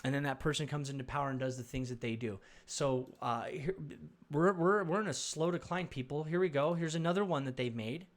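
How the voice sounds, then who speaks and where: A man's voice: on the high side, fairly quick, hardly any pauses. A man commenting on video clips, preachy and stumbling, repeating words as he lectures viewers.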